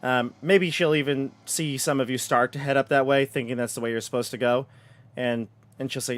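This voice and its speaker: A man's voice: medium pitch, steady tone, brisk. A man narrating as game master in a chatty, self-correcting way.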